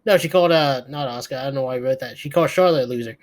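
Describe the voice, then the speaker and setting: A man's voice: mid-range voice, rapid-fire. A man co-hosting a podcast, giving a sleepy, profane, rambling recap of a wrestling show. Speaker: podcast co-host. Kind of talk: casual wrestling recap chat.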